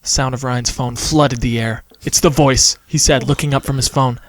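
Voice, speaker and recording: A man's voice: medium pitch, steady tone, fairly quick. A man reading a story aloud for laughs, breaking off to comment. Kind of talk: casual comedic story reading.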